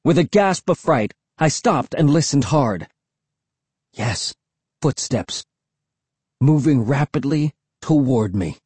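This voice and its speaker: A man narrating an audiobook in an expressive, suspenseful storytelling manner. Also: mid-range voice, slow, long pauses, slightly rough, dry recording. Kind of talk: scripted narration.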